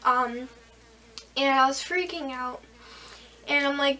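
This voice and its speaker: A woman's voice: high-pitched, takes it slowly, long pauses, sharp tone, distant mic, rough recording. A teenage girl vlogging a casual storytime, rambling and giggly with lots of fillers.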